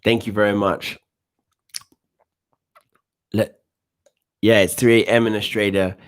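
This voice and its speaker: A man's voice: on the low side, level tone, takes it slowly. A man in his thirties with a London accent, giving chatty, self-assured commentary on a football watchalong stream and reading chat. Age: 30s. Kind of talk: casual live-stream commentary.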